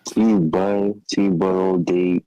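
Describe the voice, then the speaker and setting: A man's voice: deep voice, steady tone, slow pace, dark tone, clean tone, no echo, dull audio. A man on a voice chat who mumbles his words. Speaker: caller. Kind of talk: voice chat trash talk.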